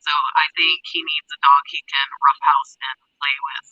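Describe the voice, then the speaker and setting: A woman's voice: a bass voice, little pitch movement, moderate pace, hardly any pauses, bright, forceful tone, breathy edge, no room sound, muffled recording. A woman hosting a casual live stream, rambling chattily and reading out viewer comments. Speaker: livestream host.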